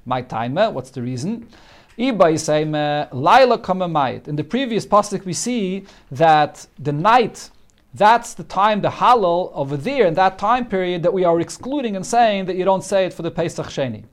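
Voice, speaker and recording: A man teaching a Talmud class, with a voice pitched somewhat high for a man. He reads out a short phrase of the text, then explains it in plain English. He often restarts a sentence partway through. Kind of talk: Talmud lesson, translating Hebrew and Aramaic phrase by phrase.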